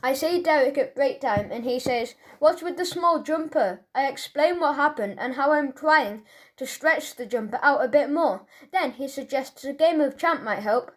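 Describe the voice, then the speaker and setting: A woman's voice: high-pitched, moderate pace. A woman narrating a children's audiobook in a chatty first-person voice, telling the story as a schoolboy.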